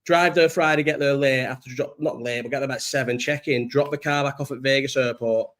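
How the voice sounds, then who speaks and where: A man's voice: medium pitch, steady tone, fairly quick, fairly bright tone. Rambling sweary young man. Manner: rambling, sweary, laughs often. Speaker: livestream host. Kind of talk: casual chat reading live chat.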